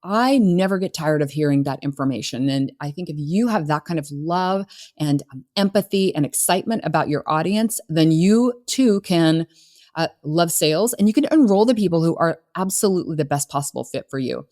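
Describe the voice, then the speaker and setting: Low-voiced woman, earnest and chatty. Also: expressive, brisk. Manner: warm, earnest and conversational, with many fillers and restarts. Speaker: business coach. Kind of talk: solo podcast talk.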